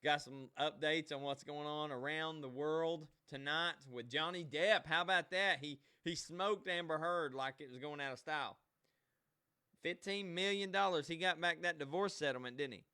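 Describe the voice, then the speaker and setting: A man's voice: a little high, moderate pace, pushed and bright, clear, resonant tone. A man hosting a live online show alone, chatting casually and folksily straight to his viewers. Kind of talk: casual livestream chat.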